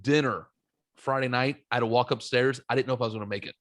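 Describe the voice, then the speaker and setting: Animated, swearing podcast host man. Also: quick pace, dry recording. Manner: animated, swearing, jumps into high voice for quotes. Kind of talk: casual chat, storytelling.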